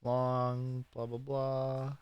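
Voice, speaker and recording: A young man co-hosting a casual podcast, swearing often and telling stories with animated quoted voices. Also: medium pitch, very slow, smooth, no room sound, lo-fi sound. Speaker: podcast co-host.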